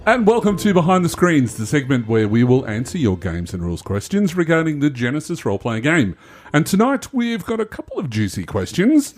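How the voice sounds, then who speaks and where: A man's voice: medium pitch, sing-song, fairly quick, a little mellow. A man hosting a tabletop gaming podcast, chatty and upbeat with lots of fillers. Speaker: podcast host. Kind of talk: casual podcast chat.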